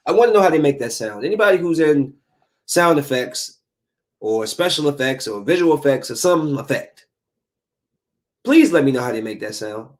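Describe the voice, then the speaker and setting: A man's voice: fairly high pitch, normal speed. A man hosting his own podcast, talking casually in a loose, rambling way. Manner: rambling, animated storytelling; earnest motivational speech. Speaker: podcast host. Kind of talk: casual solo podcast talk.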